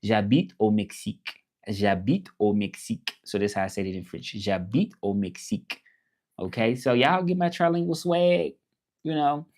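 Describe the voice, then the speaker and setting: A man from Memphis, hosting a casual live chat and repeating his phrases slowly as he thinks them over. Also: on the low side, a little mellow. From Memphis, Tennessee, USA. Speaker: livestream host.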